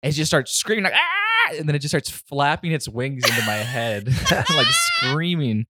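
A man's voice: medium pitch, normal speed, a little hiss or hum. A man co-hosting a podcast, telling stories casually with plenty of laughter and swearing. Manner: animated storyteller, laughs often, swears freely. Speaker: podcast co-host. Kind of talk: casual chat.

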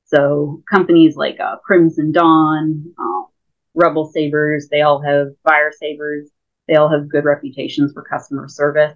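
Low-voiced woman on a tinny call line. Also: flat delivery, moderate pace. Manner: chatty, explains with many fillers. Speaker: guest, lightsaber school founder. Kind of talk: casual remote interview. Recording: tinny phone-like call audio.

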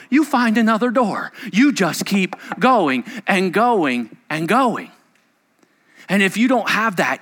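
Bright, emphatic male pastor preaching. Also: fairly high pitch. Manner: emphatic, repetitive, swings between loud and hushed. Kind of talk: sermon. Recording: echoey church hall reverb.

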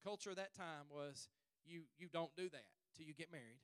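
A male pastor preaching a fervent sermon at a church service, stretching his phrases and rising to shouts. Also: on the high side, fairly quick, clean tone, no echo.

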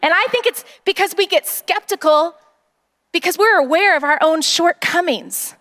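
Middle-aged woman pastor, very high voice, earnest rallying sermon delivery. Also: moderate pace, sharp tone.

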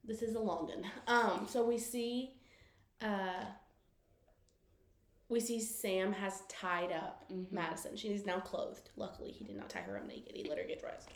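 A woman's voice: medium pitch, expressive, a little slow. A woman co-hosting a casual chat podcast, recapping a TV episode and acting out the characters' lines with frequent giggles. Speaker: podcast co-host. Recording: echoey room.

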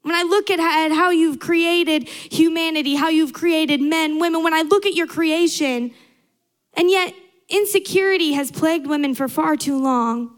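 Young woman preacher, high bright voice, earnest sermon with repeated emphatic lines. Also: moderate pace.

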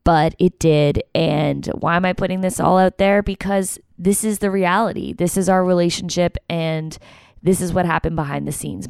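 A woman's voice: lowish voice, vocal fry, a little mellow, smooth, no echo, clean studio sound. A woman hosting her podcast, ranting in an emotional, exasperated way and swearing as she retells a fight. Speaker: podcast host. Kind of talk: solo podcast rant.

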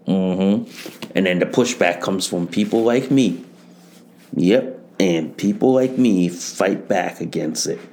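Slow, gravelly-voiced man hosting a podcast. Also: low voice, darkish tone. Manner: repeats phrases, swears often, addresses listeners as guys. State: tired. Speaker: podcast host. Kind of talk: solo podcast monologue.

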